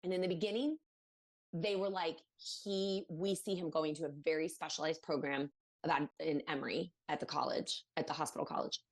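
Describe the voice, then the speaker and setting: Animated woman guest telling a story. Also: sits low, a little fast. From Maryland, USA. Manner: animated, acts out quoted voices, many fillers. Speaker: podcast guest. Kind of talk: casual storytelling interview.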